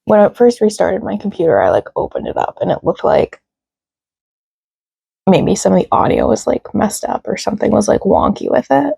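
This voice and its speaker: A young woman vlogging at home, her voice gravelly with a husky edge. She sounds frustrated and close to tears but keeps laughing it off. The sound is dry and close, with no room around it. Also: mid-range voice, huge pitch swings, normal speed, warm tone, dry recording. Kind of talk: casual vlog chat.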